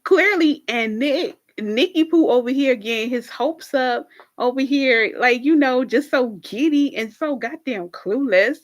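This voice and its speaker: Her voice sits high and she talks a little slowly with few pauses. A young woman hosting a casual reaction video, she energetically recaps a TV episode for her audience, laughing a lot and swearing freely.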